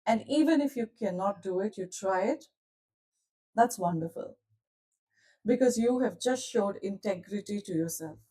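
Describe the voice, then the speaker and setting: A woman leading a live online coaching session, speaking gently and calmly and asking her listeners questions directly. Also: medium pitch, moderate pace, far from the mic, rough recording. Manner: gentle, calm, soothing delivery. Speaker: self-development coach.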